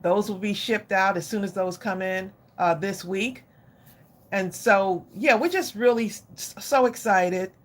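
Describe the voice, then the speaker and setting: A middle-aged woman hosting a home crafting livestream. She talks to her viewers at an unhurried pace, chatty and gushing, with a mid-range voice. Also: mid-range voice. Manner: effusive, chatty, addresses viewers directly. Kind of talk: casual live chat with viewers.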